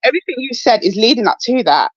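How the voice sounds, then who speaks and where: A woman's voice: fairly high pitch, very animated, husky, dry recording, lo-fi sound. A woman caller on a live podcast panel, arguing her side with many restarts and repeated words. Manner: halting, repeats words, pushes back. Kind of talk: heated live panel debate.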